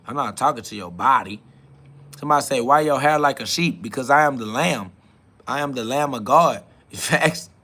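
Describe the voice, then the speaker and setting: This podcast host, a man, rambles through a spiritual monologue in street slang, citing scripture as his volume shifts from hyped-up shouting to low murmuring.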